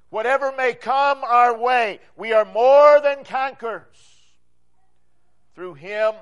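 A pastor delivers his sermon in an unusually high voice, speaking slowly and deliberately. He returns again and again to his refrains, swelling on some words and dropping away on others. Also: a bit bright. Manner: emphatic preaching with repeated refrains and rising and falling cadence.

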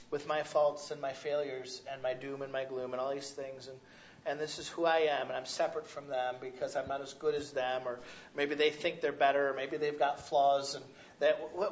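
Loud, conversational man preaching a sermon. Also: fairly high pitch, lo-fi sound. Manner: loud, conversational preaching with frequent "right?" asides. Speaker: pastor.

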